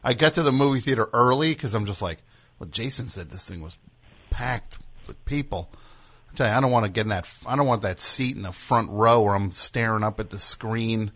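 A man's voice: lowish voice, fast talker, few pauses, a bit bright. A man hosting a talk show, rambling and riffing with sarcastic humor in casual banter. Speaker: radio show host.

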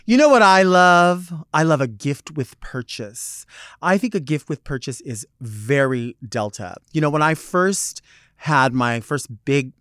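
A man's voice: fairly high pitch, lively intonation, measured pace, fairly bright tone, clear, resonant tone, dry recording, clean studio sound. A middle-aged man hosting a podcast as a drag persona, talking in a theatrical, playful and sassy way. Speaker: podcast host. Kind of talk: campy talk show monologue.

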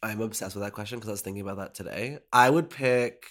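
Bubbly gushing drag performer host. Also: female voice, rumbling low, quick pace. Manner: bubbly, gushing, frequent fillers and restarts. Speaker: podcast host. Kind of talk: casual chat reacting to voicemails.

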